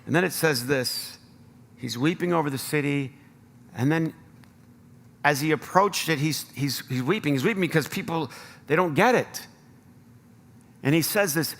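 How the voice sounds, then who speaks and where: A man's voice: fairly high pitch, normal speed, vocal fry, long pauses, fairly bright tone, in a large hall. An American man preaching a sermon as pastor, earnest and rising to emphatic appeals. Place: church sanctuary.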